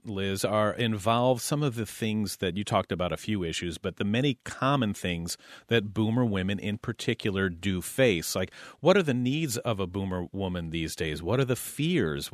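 A man's voice: lowish voice, no echo, clean studio sound. A man hosting a radio show, introducing guests and asking questions. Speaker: radio host.

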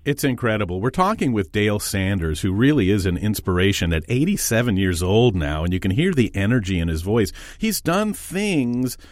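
A man's voice: on the low side, very animated, moderate pace, few pauses, no room sound. A man hosting a radio interview, asking encouraging, leading questions. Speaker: radio host.

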